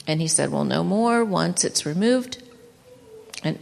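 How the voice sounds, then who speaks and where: Woman, middle-aged, low and gravelly, emotional testimony, long hall echo. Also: expressive, measured pace. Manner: emotional, voice rising high and breaking when moved. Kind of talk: personal testimony.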